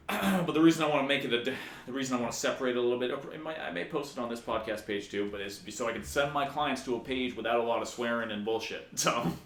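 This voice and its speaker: A man's voice: medium pitch, a bit bright. A man hosting a podcast and coaching fitness clients, speaking in a loose casual chat with frequent swearing. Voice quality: fast-talking, loose and profane. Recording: echoey room, faint noise.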